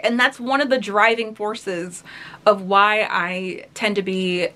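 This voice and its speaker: A woman of about thirty chats casually while reacting to her own past recording. She is open and rambling, full of fillers, and her voice sits at an ordinary middle pitch. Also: takes it slowly, bright, forceful tone, soft background music. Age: 30s. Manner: candid, rambling, many "like"s and laughs. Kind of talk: casual reflective commentary.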